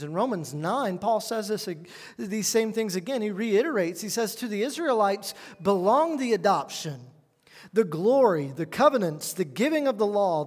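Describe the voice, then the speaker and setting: High-voiced preacher in a reverberant hall. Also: male voice. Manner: earnest, emphatic preaching with shifts between loud stress and quiet asides. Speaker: pastor. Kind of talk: sermon. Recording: long reverb of a church hall.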